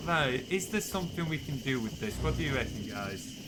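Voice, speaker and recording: A man's voice: mid-range voice, lively intonation, fairly quick, noisy background. A young man with a Yorkshire accent, chatting casually and giggling self-deprecatingly with viewers during a game live-stream. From northern England. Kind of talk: casual live-stream chat while gaming. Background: game music.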